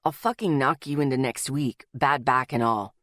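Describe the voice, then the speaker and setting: A woman voicing a hot-tempered young man who talks blunt and rough, lowering her voice for him. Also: normal speed, a bit bright, no room sound, studio quality. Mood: angry.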